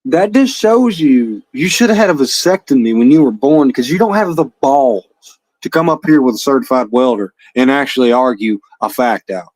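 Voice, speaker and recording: A man's voice: mid-range voice, expressive, normal speed, few pauses, a little mellow, no room sound, rough recording. A man hosting a livestream, taunting a rival in a heated, profane, mocking rant. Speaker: livestream host.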